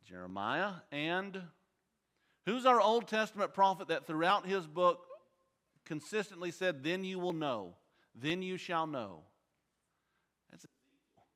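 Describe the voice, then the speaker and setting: Bright-voiced man teaching a Bible class. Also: sits high, sing-song, a little slow, pauses often. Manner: quizzes the class with questions. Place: church auditorium. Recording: long hall reverb.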